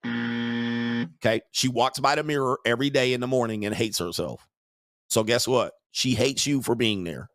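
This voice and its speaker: A man's voice: medium pitch, moderate pace, a bit bright, no room sound, clean studio sound. A man hosting a show, delivering a crude, mocking livestream rant and laughing often. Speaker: show host.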